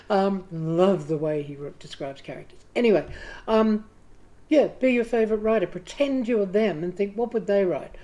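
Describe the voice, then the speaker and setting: A woman's voice: mid-range voice, normal speed, warm tone. A woman hosting a writing group, talking casually and chattily to the camera with self-deprecating asides. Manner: chatty, self-deprecating, acts out quoted inner voices.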